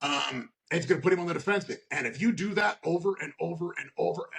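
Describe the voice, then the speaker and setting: A man with a somewhat high, gravelly voice talks shop as a union steward guest on a casual podcast. He is blunt and salty, and he drives his points home with repeated "okay?" checks. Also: fast, a bit bright. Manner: blunt, profane, tags lines with "okay?"; acts out workplace scenarios in quoted voices.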